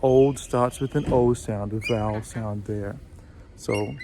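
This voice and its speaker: A man teaching English pronunciation in a video lesson, patiently repeating example phrases slowly. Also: fairly low pitch, fairly even intonation. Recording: faint background noise with birdsong.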